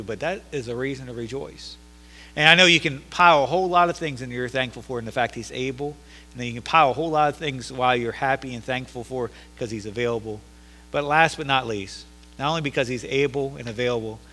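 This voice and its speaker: A male pastor preaching a sermon, emphatic and repetitive, swinging between loud declarations and hushed lines in a church sanctuary. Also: mid-range voice, a little hiss or hum. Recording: long hall reverb.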